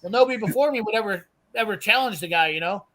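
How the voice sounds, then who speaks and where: A man's voice: sits high, lively intonation, quick pace, a bit bright, a little hiss or hum. A man telling a brash, profane story in casual chat, acting out the lines of the people in it. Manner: brash, swearing, acts out quoted lines. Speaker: storyteller on a live garage show.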